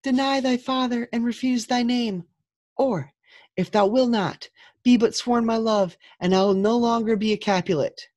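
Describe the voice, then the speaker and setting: Lovesick young noble lady, high sighing falsetto, drawn-out pleading, a man putting it on. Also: a little mellow, no echo. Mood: yearning.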